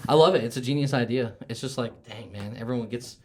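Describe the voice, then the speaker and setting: A man's voice: mid-range voice, quick pace, a little mellow. A young man co-hosting a podcast, chatting casually, rambling with lots of fillers and frequent laughs. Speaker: podcast co-host. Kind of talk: casual chat.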